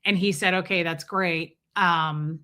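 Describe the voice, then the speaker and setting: Bright-voiced woman chatting on a livestream. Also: lowish voice, steady tone, a little slow. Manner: rambling storytelling, breaks off to greet chat viewers by name. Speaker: livestream host. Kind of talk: casual livestream chat.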